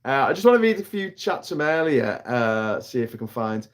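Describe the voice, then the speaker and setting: A man's voice: mid-range voice, sing-song, moderate pace. A British man holds forth on a casual live stream, broadcasting from outdoors on an island. He rants with plenty of swearing and keeps restarting his sentences as he gets heated. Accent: British English. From Britain. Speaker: livestream host.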